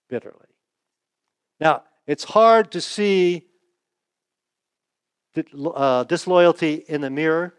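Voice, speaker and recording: A pastor giving a conversational sermon at a church service, often asking "right?" and acting out the quotes he reads. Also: clear, resonant tone. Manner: chatty, asks "right?" often, acts out quotes with raised pitch.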